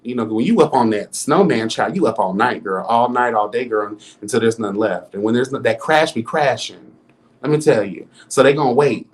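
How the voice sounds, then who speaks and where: A man's voice: medium pitch, a little fast. A man giving celebrity gossip commentary in a vlog. He talks in a sassy, campy, dramatic way and keeps throwing in exclamations. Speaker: commentary vlogger.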